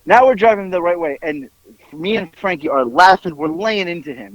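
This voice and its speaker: Animated man telling a story. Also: brisk, no echo, lo-fi sound. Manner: animated, mimics others in a high strained voice. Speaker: podcast co-host telling stories. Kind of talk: casual storytelling chat. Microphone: headphones over remote call.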